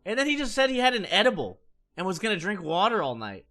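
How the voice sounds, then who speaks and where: A man excitedly recapping a wild night to his stream, swearing and jumping between voices as he tells it. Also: quick pace. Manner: excitable, swears, acts out quotes with big pitch swings. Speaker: streamer telling stories. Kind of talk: animated storytelling recap.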